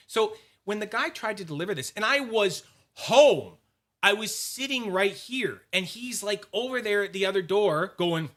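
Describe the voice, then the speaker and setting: A young man from Canada telling a casual story on his vlog, animated and swearing, acting out the people he dealt with. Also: high voice, normal speed. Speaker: YouTube fidget collector host.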